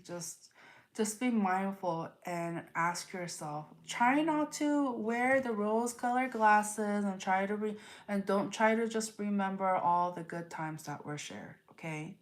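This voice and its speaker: A woman giving a live tarot reading, earnest and repetitive, full of rhetorical questions. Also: medium pitch. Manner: earnest, repeats herself, asks rhetorical questions. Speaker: tarot reader.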